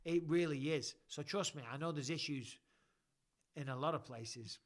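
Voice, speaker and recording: A man's voice: a little high, normal speed. A man hosting a casual live-stream chat and reading viewer questions, talking bluntly and swearing freely. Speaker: host.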